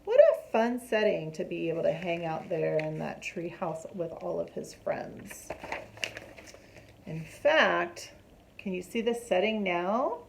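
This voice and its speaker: A woman reading a picture book aloud to children in an animated way, stopping to ask them questions. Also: lowish voice, slow pace, creaky, a little hiss or hum, low-quality recording.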